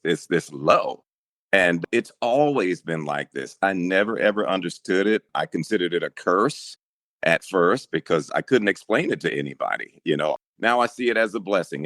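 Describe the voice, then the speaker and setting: Deep deep bass guy chatting easy, dry close mic, laughs a lot. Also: dry recording. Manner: relaxed storyteller, easy laughs. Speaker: radio news anchor. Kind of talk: casual interview chat.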